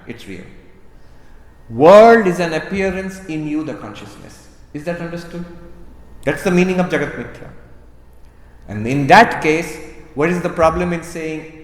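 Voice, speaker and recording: A man with a fairly high voice delivers a spiritual lecture, pressing his points through repetition and direct challenges to the listeners, with touches of humor. The sound is roomy, with a long reverb tail from a large hall. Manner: emphatic, repeating key phrases and challenging listeners directly; conversational, with occasional humor and asides to the audience. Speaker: monk and spiritual teacher. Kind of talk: spiritual lecture to a live audience. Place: large hall at a religious center.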